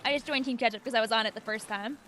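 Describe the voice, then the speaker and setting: A woman's voice: fairly high pitch, very fast, sharp tone, a little hiss or hum. A woman from New York with a Long Island accent, chatting casually with her livestream viewers while she plays, rambling and answering their messages aloud. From New York, USA. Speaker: streamer.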